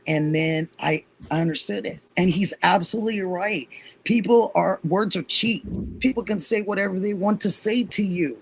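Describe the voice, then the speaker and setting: A woman hosting a livestream, chatting casually and telling an animated story. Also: on the low side, slight background noise. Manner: animated storyteller, quotes others. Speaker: livestream host.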